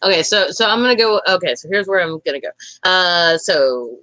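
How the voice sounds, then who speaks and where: Frank rambling Southern woman, bright tone. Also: fairly low pitch, brisk, no echo, low-quality recording. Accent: Southern American. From Tennessee. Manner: rambling, frank and profane, with many fillers. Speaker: podcast co-host. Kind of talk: casual chat.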